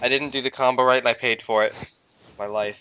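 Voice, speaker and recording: A man's voice: mid-range voice, fairly even intonation, a little fast, bright, forceful tone, smooth. A young man co-hosting a casual podcast, teasing his friends and laughing in playful mock outrage. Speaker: podcast co-host. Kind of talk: casual chat among friends over a call. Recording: lo-fi online call audio.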